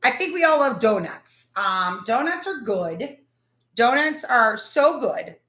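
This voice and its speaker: A woman hosting a casual live chat from her kitchen, excitable and gushing about food. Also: a little high, slow pace, echoey room. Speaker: livestream host.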